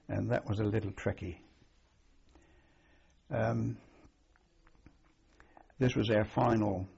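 An elderly man looks back on his wartime service for an oral history interview. He talks slowly, pausing often and restarting his sentences. His voice is low, husky and gravelly, and the old tape sounds dull. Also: darkish tone. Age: older. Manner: slow, halting, many ums and restarts. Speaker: veteran interviewee.

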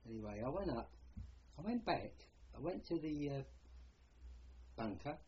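Speaking fairly high and very animated, though a bit slowly, this older Cockney man from London recalls his wartime service as an interviewed veteran. He rambles in a plain-spoken manner, frequently adding "you know." The audio is muffled, with slight background noise.

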